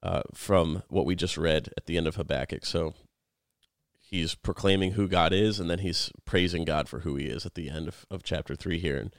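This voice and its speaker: A man's voice: deep voice, normal speed, vocal fry, no room sound, clean studio sound. A man co-hosting a podcast, talking earnestly and reflectively through a Bible passage in casual chat. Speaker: podcast co-host.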